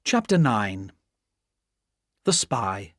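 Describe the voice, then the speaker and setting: A male audiobook narrator reads a classic novel slowly and expressively. His pitch rises and falls a lot, and the sound is close and dry with no room echo. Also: big pitch swings, fairly bright tone. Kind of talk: scripted narration.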